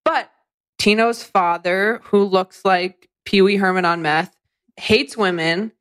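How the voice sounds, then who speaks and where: A woman's voice: mid-range voice, takes it slowly, fairly bright tone. A young woman co-hosting a podcast, blunt and sarcastic in casual chat. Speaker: podcast co-host.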